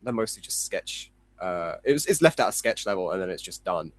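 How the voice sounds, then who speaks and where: A man's voice: deep voice, lively intonation, a little fast. A man appearing as a guest illustrator on a podcast, speaking casually with self-deprecating, rambling humour and jokey asides.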